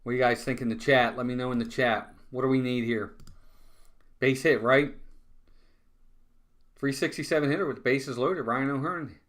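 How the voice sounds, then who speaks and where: A man's voice: mid-range voice, normal speed, long pauses. A man doing live fan play-by-play of a baseball game, talking to his chat and venting when calls go against his team. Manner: excitable, groans and vents frustration at calls.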